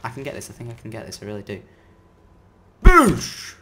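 A man giving chatty, excitable commentary as he plays a game, breaking into sudden loud outbursts. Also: fairly low pitch, rapid-fire, a little hiss or hum. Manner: chatty running self-talk while playing. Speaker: gaming video creator. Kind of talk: let's-play gameplay commentary.

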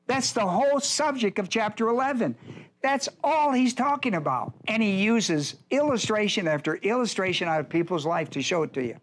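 Male pastor, higher-pitched voice, emphatic Bible-class teacher who repeats his points. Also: fairly bright tone.

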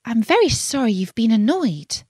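A woman's voice: a little high, big pitch swings, normal speed, a little mellow, slightly rough, no room sound, clean studio sound. A woman voicing a bewildered, polite young girl in a storybook reading, earnest and anxious. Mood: indignant. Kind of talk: storybook read-aloud.

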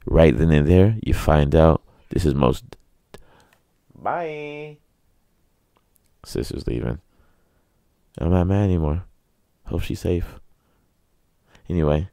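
Super deep gravelly guy ranting on his podcast, sarcastic, asks himself stuff and answers it. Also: unhurried, long pauses, mellow, no room sound, clean studio sound. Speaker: podcast host. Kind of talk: casual ranting monologue.

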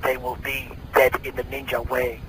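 A man's voice: mid-range voice, completely flat delivery, normal speed, very noisy, close to an everyday voice. A man voicing a boastful, menacing male ninja villain on a prank phone call, making grandiose threats.

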